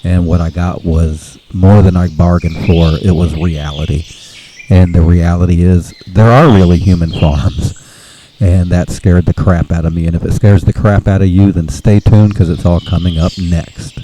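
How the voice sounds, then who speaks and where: A man's voice: sits low, fairly even intonation, normal speed, warm tone, a little hiss or hum. A man hosting a podcast, talking in a rambling casual monologue with restarts and nervous little laughs. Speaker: podcast host.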